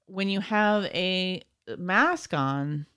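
A middle-aged woman co-hosting a podcast, chatty and quick to laugh, often correcting herself mid-sentence. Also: fairly low pitch, lively intonation, bright, forceful tone, smooth, no echo, clean studio sound. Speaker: podcast co-host. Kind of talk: casual chat.

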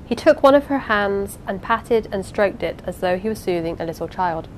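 A woman narrating an audiobook in a measured, expressive reading with occasional pauses. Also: mid-range voice, slight background noise, poor audio. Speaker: audiobook reader. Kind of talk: unhurried amateur audiobook narration.

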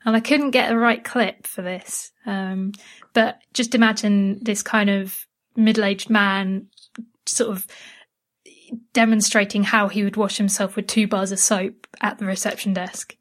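Woman podcast host from England; easygoing chat, quick to laugh. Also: mid-range voice, little pitch movement. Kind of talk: casual chat.

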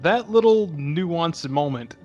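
Man, podcast co-host, animated, profane, fairly high voice, faint music behind. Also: slow pace, lo-fi sound. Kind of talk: casual movie chat.

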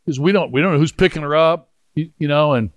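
Pastor, middle-aged man: raised voice, animated, rambling storyteller, dry close sound. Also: on the high side, fast talker, no echo. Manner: animated, rambling, frequent restarts. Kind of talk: storytelling sermon with prayer.

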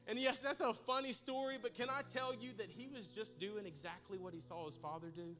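A man preaching to his congregation, telling a comic personal story with animated, humorous delivery. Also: sits high, a little fast. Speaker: pastor. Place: church service in a large room.

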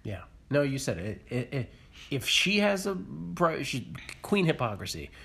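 Male podcast co-host, husky voice with a lively swinging pitch, blunt and opinionated, swears freely. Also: moderate pace. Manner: opinionated, swears, mimics people. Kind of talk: casual reality-TV recap chat.

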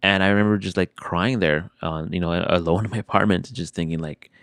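A man's voice: sits low, fairly even intonation, fairly quick, a bit bright, smooth, no room sound, clean studio sound. A young adult man in casual chat, talking frankly and profanely about feelings, often restarting his sentences.

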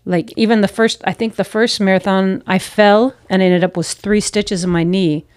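A woman's voice: mid-range voice, fairly even intonation, moderate pace, darkish tone, no echo, clean studio sound. Earnest woman pastor telling stories. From United States. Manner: earnest, reflective, acts out her own past self-talk. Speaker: missionary pastor. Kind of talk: personal storytelling in an interview.

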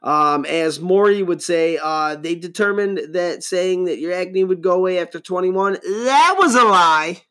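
A man's voice: high voice, steady tone, moderate pace, hardly any pauses, a bit bright. A man in his thirties hosting a solo podcast, rambling casually with lots of profanity and jokes. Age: 30s. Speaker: podcast host.

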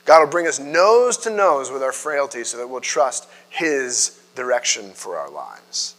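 A man's voice: medium pitch, measured pace, hardly any pauses. A man preaching a sermon in a loose, conversational way, full of fillers and restarts. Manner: conversational, animated, filler-heavy. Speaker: pastor. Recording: long hall reverb.

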